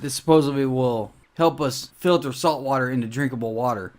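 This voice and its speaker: A man's voice: mid-range voice, a little fast, a little mellow. A man co-hosting a podcast in casual, profane banter, skeptical and wisecracking. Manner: skeptical, wisecracking, laughs often. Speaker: podcast co-host.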